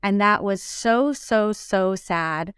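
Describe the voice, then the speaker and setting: A woman chatting through a TV recap with emphatic, conversational talk. Her voice is smooth and clear, and it is recorded close and dry. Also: medium pitch, takes it slowly, fairly bright tone, no echo. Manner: conversational, emphatic, talks with plenty of likes. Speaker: recap co-host. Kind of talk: casual recap chat.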